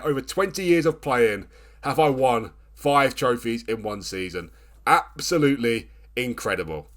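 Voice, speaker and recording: A man in his thirties commentating his own football management game, swinging between nervous groans and excited shouts. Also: mid-range voice. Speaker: gaming channel host. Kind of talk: let's play commentary.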